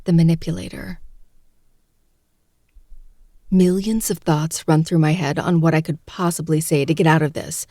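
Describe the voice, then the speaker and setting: A woman narrating a first-person audiobook, with a hushed, tearful delivery in tense moments. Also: sits low, fairly quick, few pauses, dry recording, clean studio sound.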